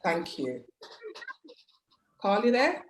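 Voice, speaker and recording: A woman's voice: medium pitch, sing-song, poor audio. A woman hosting a webinar over a video call, thanking speakers and moving things along with frequent ums. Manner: halting, with many ums. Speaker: webinar host. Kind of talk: moderating a panel.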